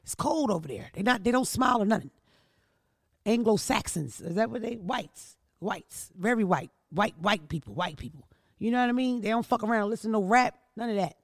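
Brash, gravelly-voiced woman podcast host. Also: medium pitch, expressive, brisk, no echo, studio quality. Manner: brash, profane storytelling with rising outbursts. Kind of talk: casual comedic monologue.

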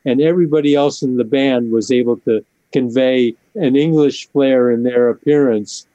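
A man's voice: mid-range voice, fairly even intonation, moderate pace, mellow, dry recording, lo-fi sound. A man, a musician guest, talking in an interview with dry, self-deprecating humor. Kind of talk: casual interview talk.

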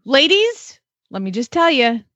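A woman co-hosting a podcast in casual chat, animated and jokey and laughing often. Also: high voice, measured pace, dry recording, lo-fi sound. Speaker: podcast co-host.

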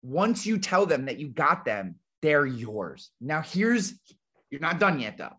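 His pitch is fairly high and swings widely, his tone is sharp, and he moves a little slowly. This podcast-hosting insurance agency owner teaches a live webinar over a remote call, blunt and casual, with plenty of fillers and an occasional swear.

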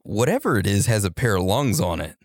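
Gravelly low-voiced man musing on a podcast. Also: animated, a little fast, no echo, clean studio sound. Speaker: podcast co-host. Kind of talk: casual podcast chat.

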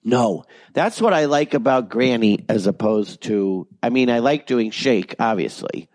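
Gravelly voice actor, chatty and jokey. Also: male voice, mid-range voice, lively intonation, unhurried, a little mellow, dry recording. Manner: rambling, jokey, many restarts. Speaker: voice actor guest. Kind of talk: casual interview chat.

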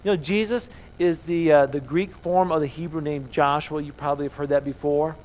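At a church service, a pastor addresses his congregation emphatically, asking rhetorical question after rhetorical question. His slightly high voice is steady, fairly quick and a little mellow, captured in a rough recording with slight background noise.

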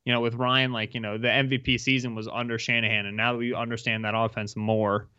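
Man, sports talk co-host, sharp bright voice, hedging fillers, dull lo-fi remote mic. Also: mid-range voice, level tone, quick pace, clean tone, no room sound. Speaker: podcast co-host.

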